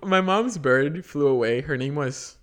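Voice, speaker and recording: A man's voice: fairly high pitch, animated, unhurried. A young man co-hosting a podcast, chatting casually and laughing through his own stories in a self-mocking way. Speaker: podcast co-host. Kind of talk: casual chat.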